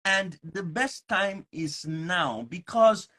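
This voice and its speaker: A man's voice: high voice, lively intonation, slow pace, bright, forceful tone. A man hosting an online talk show, speaking earnestly and emphatically, often repeating himself. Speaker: host.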